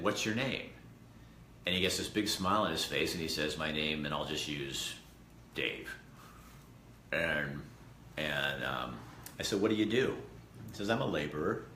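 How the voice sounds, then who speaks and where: Deep-voiced man telling an earnest story. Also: pushed and bright. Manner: rambling, earnest, with restarts and asides to viewers. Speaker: host. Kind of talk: casual storytelling vlog. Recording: echoey room with faint background noise.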